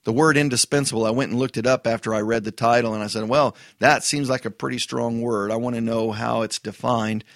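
Halting male pastor, dry close sound. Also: medium pitch, fairly even intonation, no echo. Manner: halting, repeats words, emphatic asides. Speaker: pastor reviewing a book. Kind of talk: casual spoken book review.

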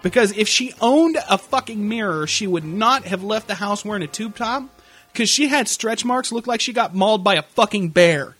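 A man's voice: sits high, lively intonation, normal speed, fairly bright tone, no room sound. A young man telling crude, jokey stories in casual chat and breaking into exaggerated impressions. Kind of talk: crude comedic storytelling chat.

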